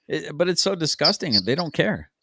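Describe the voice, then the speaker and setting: A man's voice: fairly high pitch, sing-song, fairly quick, creaky, pushed and bright, no echo, studio quality. A man hosting a stream, giving crude, mocking, rambling reaction commentary. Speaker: stream host.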